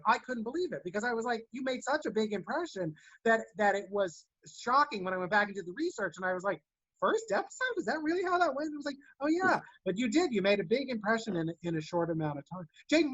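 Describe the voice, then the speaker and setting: A man hosting a talk show, chatting in a lively way and asking his guests questions. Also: high voice, dry recording. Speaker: host. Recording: dry, dull lo-fi sound.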